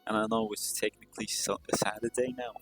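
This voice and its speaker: A man's voice: fairly low pitch, level tone, fairly quick, fairly bright tone, faint music behind. A male streamer chatting casually on a live stream, tired and rambling in a self-deprecating way.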